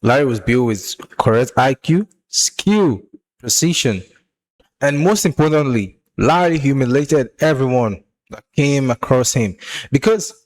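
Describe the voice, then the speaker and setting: A man's voice: medium pitch, normal speed, low-quality recording. A man hosting a reaction video, talking casually and emphatically, throwing rhetorical questions and calling the listener "bro".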